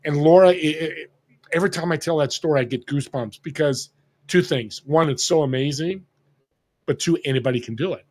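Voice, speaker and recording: A man in his sixties from Northern California, a podcast guest telling a story in an animated way and acting out the people he quotes. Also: fairly high pitch, fairly quick. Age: 60s. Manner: animated, acts out quoted dialogue. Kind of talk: casual storytelling.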